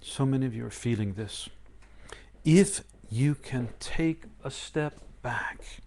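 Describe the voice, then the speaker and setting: A man giving a live-streamed spiritual talk, acting out inner voices with sudden high yelps between calm stretches of explaining. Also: slow, a little hiss or hum. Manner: shifts between loud outbursts and quiet calm explaining. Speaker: spiritual teacher.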